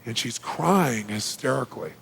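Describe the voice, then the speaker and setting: A man's voice: mid-range voice, lively intonation, normal speed, vocal fry, fairly bright tone, big-room sound, a little hiss or hum. A man giving a motivational seminar talk, telling stories and quizzing the audience. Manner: storytelling, asks the audience questions. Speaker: seminar speaker.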